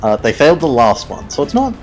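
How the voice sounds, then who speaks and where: A man's voice: fairly high pitch, big pitch swings, quick pace, faint music behind, rough recording. A man chatting while gaming, self-deprecating and swearing freely. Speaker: gaming companion. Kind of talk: casual chat while gaming.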